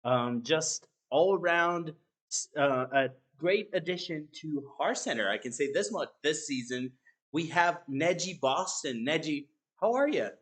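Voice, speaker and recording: A man's voice: fairly high pitch, lively intonation, a little slow, a bit bright. A man hosting a live-streamed game show, introducing each player in a casual, chatty way with frequent ums. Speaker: host.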